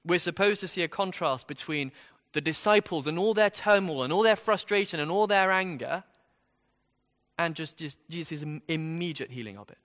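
A man works through a passage in a relaxed, conversational sermon, posing rhetorical questions along the way. He sounds expressive, bright and forceful, slightly high-pitched, at a moderate pace, with long reverb trailing each line.

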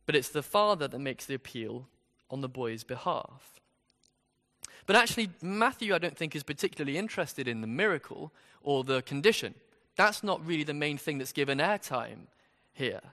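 A man's voice: a little high, lively intonation, moderate pace, sharp tone, big-room sound. A man preaching an expository sermon in a conversational way, with rhetorical questions.

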